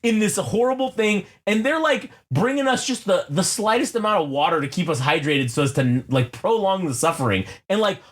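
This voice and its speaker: A man's voice: high-pitched, expressive, brisk, hardly any pauses. A man co-hosting a podcast, telling a long absurd story in casual, profane chat. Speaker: podcast co-host.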